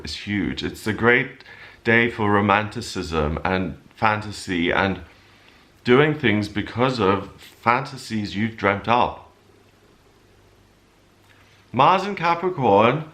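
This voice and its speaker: A man with a fairly low voice gives a weekly horoscope in a casual, unscripted way. He explains the stars calmly and drifts into loose, rambling asides. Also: slow, long pauses. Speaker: astrologer giving a weekly horoscope. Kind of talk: casual spoken forecast.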